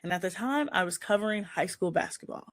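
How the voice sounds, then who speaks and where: A woman's voice: on the low side, quick pace, dry recording. A woman hosting a casual chat show, telling a long personal story and acting out what people said. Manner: animated, acts out the quoted lines in the story. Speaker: host.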